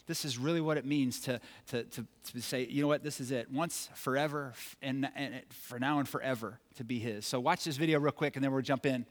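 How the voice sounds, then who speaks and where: A man preaches as pastor in a church sanctuary, the recording washed in long hall reverb. Conversational and playful, he acts out childhood scenes, his medium-pitched voice running a little fast with few pauses.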